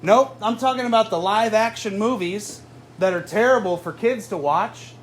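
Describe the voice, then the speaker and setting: Male comic in his thirties, high voice, dry self-mocking stand-up, live room with noisy ambience. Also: normal speed. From Southern California. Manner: deadpan, self-mocking delivery. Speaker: stand-up comedian. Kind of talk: stand-up comedy set. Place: live comedy venue with audience. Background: audience laughter.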